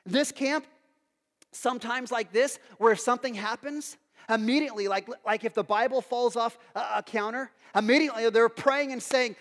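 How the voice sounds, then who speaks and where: A man preaching a sermon as pastor, telling stories with lively acted quotes and casual asides to the congregation. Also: very high voice, normal speed. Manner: animated storytelling with acted quotes. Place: church hall. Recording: long hall reverb.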